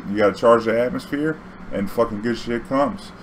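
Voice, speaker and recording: A man spinning a casual storytime monologue for his channel. His talk is loose and full of cussing and filler, at a middling pitch. Faint ambient noise sits behind him. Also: moderate pace, low-quality recording. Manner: loose, profane, filler-heavy with many "you know"s. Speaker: vlogger.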